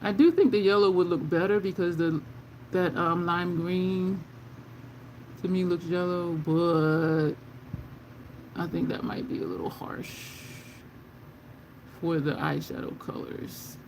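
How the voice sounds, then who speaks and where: A woman's voice: fairly low pitch, fairly even intonation, takes it slowly, long pauses, background noise. A woman chatting casually as she does her makeup on a livestream, rambling through stories and talking to viewers. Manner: chatty, rambling storyteller, Southern-style "y'all" slang. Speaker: makeup vlogger.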